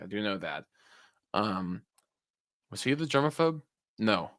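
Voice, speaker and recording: A man's voice: on the low side, animated, a little slow, long pauses, fairly bright tone, no room sound, clean studio sound. A young man co-hosting a podcast in casual chat, rambling and cutting himself off, swearing often. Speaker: podcast co-host.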